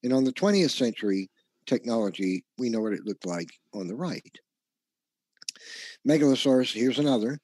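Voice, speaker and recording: A man's voice: medium pitch, expressive, normal speed, pauses often, a little mellow, dry recording. A man presenting a slideshow lecture in an earnest, insistent way, often stumbling and restarting his words.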